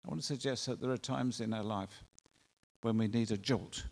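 Male preacher, earnest sermon delivery, mid pitch, long hall reverb. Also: gravelly, darkish tone. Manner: earnest, drawn-out emphatic phrasing with rhetorical questions.

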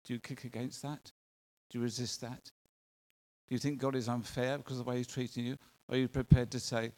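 Male preacher, gravelly voice, earnest conversational sermon. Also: medium pitch, steady tone, brisk, darkish tone.

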